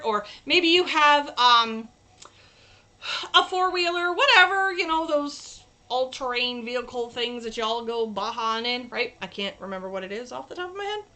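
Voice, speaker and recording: Bright-voiced, chatty crafting host woman. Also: high voice. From New York State. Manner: chatty, demonstrating crafts to camera. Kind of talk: casual livestream chat.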